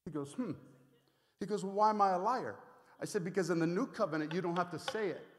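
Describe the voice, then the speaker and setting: High-voiced animated male pastor. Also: fast. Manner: animated, conversational preaching with asides and repetition. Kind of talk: sermon. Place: church sanctuary. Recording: reverberant hall.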